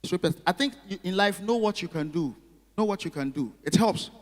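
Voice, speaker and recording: High-voiced comic in a reverberant hall. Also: male voice, brisk. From Ghana. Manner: animated, chatting with the audience. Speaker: stand-up comedian. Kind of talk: stand-up comedy with crowd work. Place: live comedy venue.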